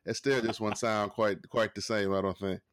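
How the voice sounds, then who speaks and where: A man's voice: fairly low pitch, fairly even intonation, moderate pace, smooth, dry recording, studio quality. A man with a Southern accent from Georgia, co-hosting a podcast in easygoing casual chat. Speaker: podcast co-host.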